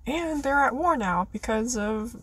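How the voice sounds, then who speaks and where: Husky woman reading a fan essay. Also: a little high, animated, measured pace, low-quality recording. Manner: earnest, with playful dramatic flourishes. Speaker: listener contributor.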